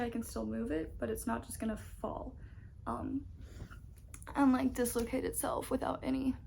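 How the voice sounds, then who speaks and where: A woman's voice: a little high, creaky, darkish tone, slight background noise, low-quality recording. A woman in her twenties, a college student, chatting casually and upbeat to the camera in a rambling vlog. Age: 20s.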